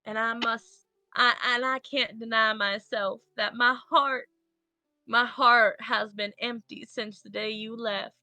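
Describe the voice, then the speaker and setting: A woman's voice: on the high side, fairly even intonation, slow, bright, forceful tone, dry recording, soft background music, full character voice. A woman voicing a loving homesteading mother who misses her child, in an attempted Southern accent and a tender, doting manner.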